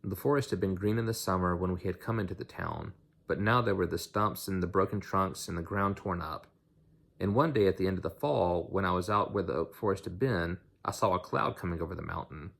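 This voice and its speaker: A man's voice: deep voice, brisk, creaky, a bit bright. A man reading a novel aloud in an unpolished way, with slips and restarts. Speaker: audiobook reader.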